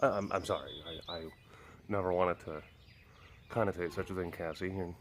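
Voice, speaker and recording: A man's voice: sits low, fairly even intonation, normal speed. A man working as a big cat caretaker, chatting casually and playfully to the cats and the camera, teasing them, laughing often and using baby talk. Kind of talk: casual chat to animals and camera.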